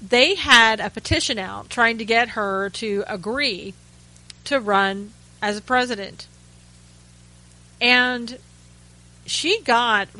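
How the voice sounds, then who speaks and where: On poor-quality audio, a woman with a rather high, sharp voice hosts a talk radio show. Her commentary is chatty and sarcastic, full of asides and frequent restarts.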